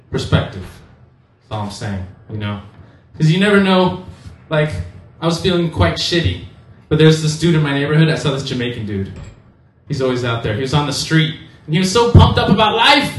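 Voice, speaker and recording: A man doing a loose, rambling stand-up set on a comedy club stage, with bursts of shouting. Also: on the high side, expressive, fairly quick. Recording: echoey room, distant mic, faint noise.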